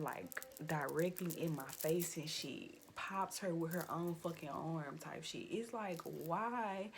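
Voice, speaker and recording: A young woman in a fairly low voice rants through a story-time vlog, swearing freely and leaning on "like" at every turn. She jumps into high, loud bursts when she quotes people. A faint hiss of noise sits under the recording. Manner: profane, animated storytelling with frequent "like" fillers. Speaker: vlogger. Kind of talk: casual story-time rant.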